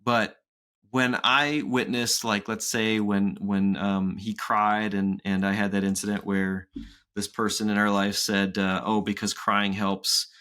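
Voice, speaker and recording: Man, 30s, podcast co-host, casual animated storyteller, bright forceful tone. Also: lowish voice, measured pace, smooth. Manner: animated storytelling with acted-out quotes. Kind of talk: casual chat.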